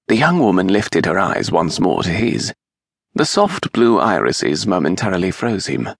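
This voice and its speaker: A man narrates a historical romance audiobook from a script, reading in an expressive, measured storytelling manner. His low-pitched voice is gravelly and husky, recorded dry on a close studio mic.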